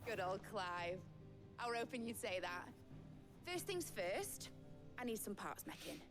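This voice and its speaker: A woman's voice: medium pitch, very animated, unhurried. An actress with a Yorkshire accent voicing a young ship engineer in a video game, talking eagerly as she explains her invention. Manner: chatty, enthusiastic, explains things. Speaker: game character. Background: game music.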